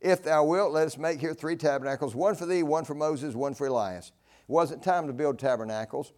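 A man's voice: on the high side, a little fast, a little mellow. A man from North Carolina, preaching a folksy, earnest sermon. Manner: earnest, folksy, rises to emphatic peaks.

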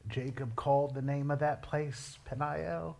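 A man preaching a sermon, moving between quiet storytelling and loud, drawn-out climaxes. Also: fairly high pitch, steady tone, vocal fry, slight background noise. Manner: dramatic, swings from quiet storytelling to shouted climaxes; slow, drawn-out emphasis on key words.

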